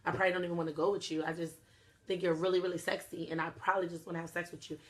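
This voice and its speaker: A woman's voice: fairly low pitch, flat delivery, rapid-fire. A young adult woman hosting a casual talk stream, speaking bluntly and swearing freely as she addresses her viewers directly. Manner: blunt, profane, talks straight to viewers. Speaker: host.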